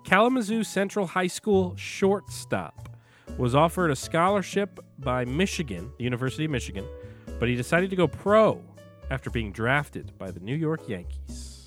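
Young guy co-host, animated pitch, loose joking talk, faint music. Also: normal speed. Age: young adult. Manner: laid-back, joking, hesitant fillers. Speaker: podcast co-host. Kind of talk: casual sports chat.

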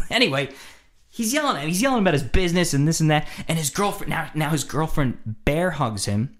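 Animated man telling a story. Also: fairly high pitch, brisk. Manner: animated, acts out quotes, laughs often. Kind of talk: casual storytelling.

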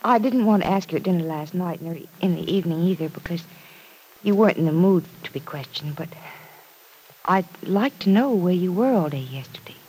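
An actress playing a caring, anxious young woman in a 1940s radio drama, speaking gently and earnestly. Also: lowish voice, lively intonation, a little fast, slightly rough, poor audio.

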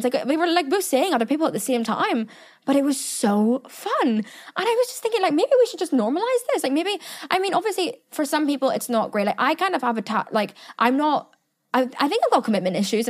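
A woman's voice: high voice, sing-song, a little fast. A woman in her twenties hosting a podcast, chatting casually and rambling with lots of fillers. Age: 20s. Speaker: podcast host. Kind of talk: casual chat.

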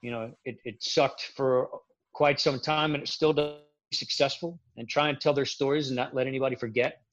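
A middle-aged man from Central Florida talks as a veteran guest in a casual interview. He rambles, stops to correct himself, and speaks frankly. His voice sits at an ordinary male pitch, and the audio is a little dull and low-fidelity. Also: steady tone, brisk, fairly bright tone.

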